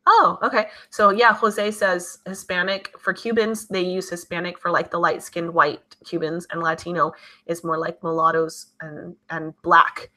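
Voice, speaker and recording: A woman hosts a casual live stream with a bright, forceful tone that sits a little low in pitch. She reads her viewers' comments aloud and answers them in a loose, chatty way. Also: level tone, a little slow. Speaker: livestream host reading viewer chat.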